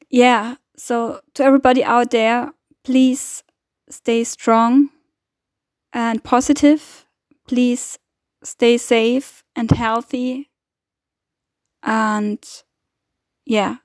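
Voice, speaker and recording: Woman podcast host, higher voice, slow hesitant delivery full of fillers, dry close sound. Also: no room sound. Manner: hesitant, halting, many fillers and restarts. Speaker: podcast host giving weekly updates. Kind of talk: casual spoken appeal.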